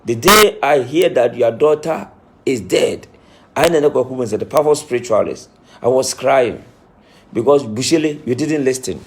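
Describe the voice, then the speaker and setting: A man with an expressive mid-range voice speaks at normal speed as a self-styled spiritualist, addressing the camera in an impassioned monologue. Emphatic and repetitive, he scolds his listeners and says he is crying.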